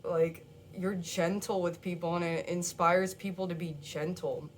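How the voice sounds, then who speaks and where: A woman's voice: lowish voice, flat delivery, unhurried, a little hiss or hum. Chatty emotional woman reading tarot. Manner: chatty, emotional, repeats words, laughs often. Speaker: tarot card reader. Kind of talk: casual tarot reading to camera.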